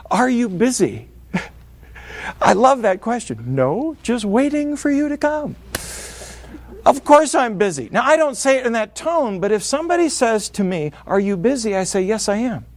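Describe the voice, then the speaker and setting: A middle-aged man giving a motivational seminar talk, animated and playing out quoted voices. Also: sits high, no echo. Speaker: speaker.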